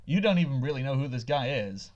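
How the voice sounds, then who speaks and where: A man's voice: mid-range voice, expressive, fast talker, highs cut off. A man running a tabletop game as game master, hesitant, with many fillers.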